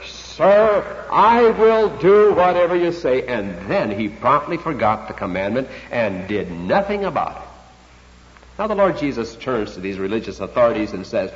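A man preaching an expository sermon, emphatic and dramatic, slowing down to stress key words. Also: fairly high pitch. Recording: lo-fi recording with long hall reverb.

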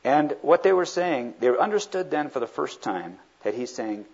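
Animated, husky-voiced male preacher. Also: medium pitch, normal speed. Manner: animated, acts out quoted speakers. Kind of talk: sermon. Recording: dull lo-fi recording.

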